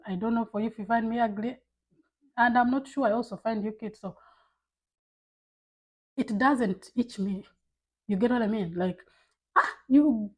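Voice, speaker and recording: A woman talks straight to her camera in a casual vlog, candid and emphatic as she shares advice. Her voice has a husky, breathy grain, and her pitch sits in the middle range. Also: a little mellow, rough recording. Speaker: vlogger. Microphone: camera mic.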